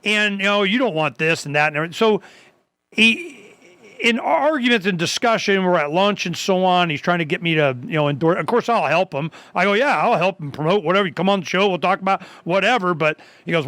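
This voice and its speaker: A talk radio host chats casually in a high, bright voice at a slightly fast pace, rambling loosely, stumbling through restarts and jumping into animated quoted dialogue. His delivery is smooth, and the sound is close and dry with no echo.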